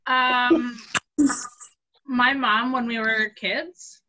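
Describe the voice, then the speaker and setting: Bright-voiced woman leading a youth lesson. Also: a little high, very slow, long pauses, lo-fi sound. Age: adult. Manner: lively, acts out characters. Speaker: youth group leader. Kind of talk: telling a Bible story to kids.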